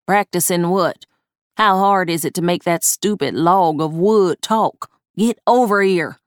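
A woman voicing a gruff, bullying male carnival owner who barks orders in a spoken horror story. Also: fairly low pitch, normal speed, no room sound, studio quality, close to an everyday voice. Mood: scornful. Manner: barking, impatient.

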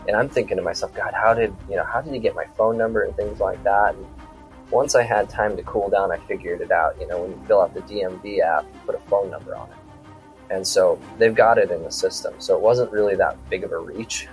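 A man's voice: on the low side, quick pace, soft background music, rough recording. A man from South Dakota, a podcast guest, telling a story in a casual, rambling way full of quoted back-and-forth dialogue.

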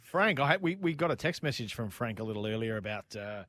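A man with an Australian accent co-hosting a motorsport radio show, reading listener texts in jokey, excitable banter full of matey slang. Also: mid-range voice, a little fast, dry recording.

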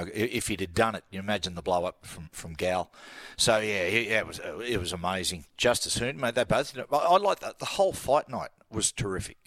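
A man's voice: lowish voice, fairly bright tone, dry recording. An Australian man, a sports commentator guest, telling a laughing story in casual radio chat. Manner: yarn-spinning, laughing storyteller.

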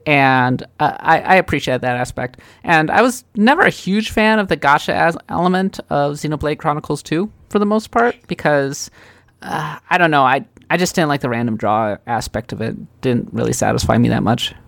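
A woman's voice: low-pitched, normal speed, vocal fry, no room sound. Opinionated, teasing woman co-host from Minnesota; casual chat on a dry studio mic. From Minnesota, USA. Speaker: podcast co-host.

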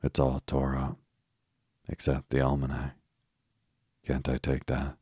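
A man voicing a blunt, scornful young boy who talks briskly and grumbles. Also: extremely low pitch, completely flat delivery, a little mellow, husky, dry recording, clean studio sound, full character voice.

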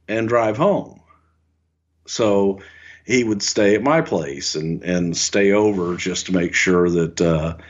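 An older man co-hosting a podcast, telling relaxed stories, chuckling often and acting out quotes. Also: fairly low pitch, muffled recording. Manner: relaxed, chuckling storyteller who acts out quotes. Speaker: podcast co-host and former wrestling executive. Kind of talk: anecdotal storytelling.

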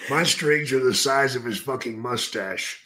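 A man's voice: medium pitch, takes it slowly, bright, forceful tone. An older man, a retired wrestler, telling stories in casual, blunt and profane podcast chat. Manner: blunt and profane, chuckling often.

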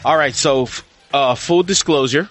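A man co-hosting a casual golf podcast, talking in animated, teasing bursts. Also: mid-range voice, normal speed, soft background music. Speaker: podcast co-host and golf reporter. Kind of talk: casual sports podcast chat.

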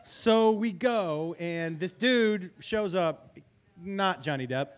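A man's voice: sits high, takes it slowly. A man hosting a casual chat, telling funny stories with laughter and profanity. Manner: animated, laughing, profane storyteller. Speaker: podcast host and comedian.

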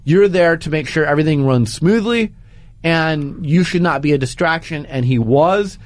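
A man hosting a sports talk show, laying out his opinions in an animated, argumentative way. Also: on the high side, moderate pace, no echo.

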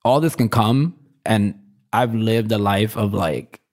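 A man's voice: lowish voice, slow pace, a little mellow. A man from Brooklyn chats in a candid, rambling way, his sentences full of fillers and restarts. He laughs easily and turns emotional when he talks about home. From Brooklyn, New York. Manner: gets emotional, laughs often. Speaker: fashion designer guest. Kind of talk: casual interview chat.

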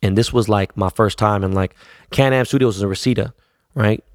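A man's voice: on the low side, fairly quick, dry recording, clean studio sound. A man, a DJ telling stories casually in profane, laid-back street slang. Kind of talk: casual storytelling.

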